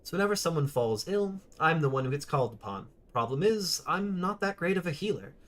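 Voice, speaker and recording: A man's voice: a little high, big pitch swings, brisk, fairly bright tone, pitched above the performer's own voice. A man reading the lines of a mild-mannered bald village priest in a game, earnest and explaining.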